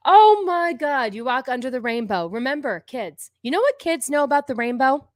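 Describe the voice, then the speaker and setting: A woman's voice: fairly high pitch, lively intonation, brisk, soft background music. A woman in her forties hosting a live stream, commenting on videos in a sarcastic, profane, ranting way. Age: 40s. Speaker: streamer host.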